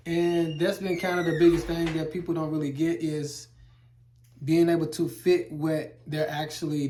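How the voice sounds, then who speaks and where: A man's voice: a little high, darkish tone. Rambling man explaining welding terms. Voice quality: loose, rambling, repeats himself, playful exaggerated asides. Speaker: welding instructor. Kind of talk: casual explainer video.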